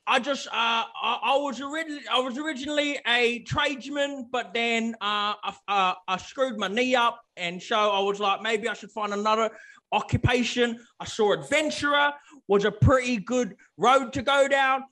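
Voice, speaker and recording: A washed-up adventurer, played by a man, rambles along in a very high, squeaky voice. He is boozy and easygoing and always angling for another healing potion. He is a character in a tabletop role-playing game. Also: normal speed, sharp tone, heavily acted. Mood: rambling.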